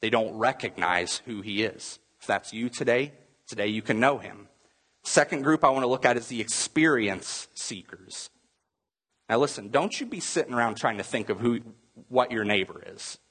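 A male pastor preaches to his congregation in a loose, conversational style, his medium-pitched voice slightly rough and a bit bright, at normal speed. He acts out the voices of the crowd as he talks.

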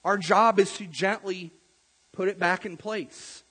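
Husky-voiced man preaching in an echoing hall. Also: high voice, fairly even intonation, unhurried. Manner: earnest preaching, rising louder on key points then dropping soft. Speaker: pastor. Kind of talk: sermon. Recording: long echo of a large hall.

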